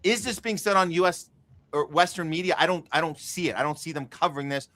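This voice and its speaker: A man's voice: fairly high pitch, bright, forceful tone. A man hosting a political podcast, chatting casually and firing off rhetorical questions. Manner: rhetorical questions, quick asides. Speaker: podcast host.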